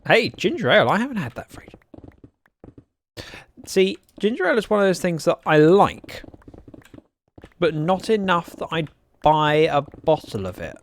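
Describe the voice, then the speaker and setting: Playing a block-building game on a livestream, a young man chats and jokes with his audience and reads out chat messages. His fairly high voice has a sing-song lilt at a moderate pace, broken by long pauses.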